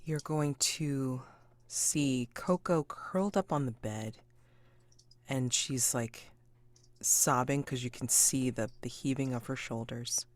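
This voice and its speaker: A woman narrating a tabletop mystery game as its game master, in a relaxed, chatty way with frequent fillers. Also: very deep voice, slow, no room sound.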